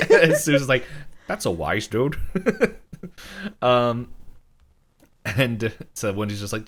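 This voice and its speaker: A man's voice: medium pitch, sing-song, takes it slowly, long pauses. A man co-hosting a podcast, casually retelling a cartoon episode in a rambling way, full of "like" and little chuckles. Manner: rambling retelling, heavy use of "like", frequent chuckles. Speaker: podcast co-host. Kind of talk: casual episode recap chat.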